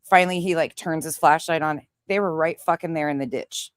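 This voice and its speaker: A young woman from Montana, a livestream host chatting casually with viewers and telling a story in a profane, animated way. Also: low-pitched, a little fast, no room sound, clean studio sound. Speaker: livestream host reading chat.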